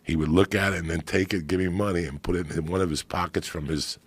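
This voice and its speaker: A middle-aged man telling animated, profane stories in casual chat on a podcast. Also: sits low, quick pace, husky, dry recording. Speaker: podcast guest storyteller.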